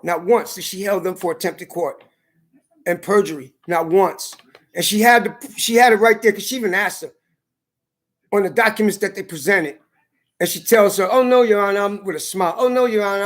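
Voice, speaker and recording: A man ranting defiantly on video, hammering his points with emphatic repetition. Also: high voice. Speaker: vlogger. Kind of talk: angry video rant.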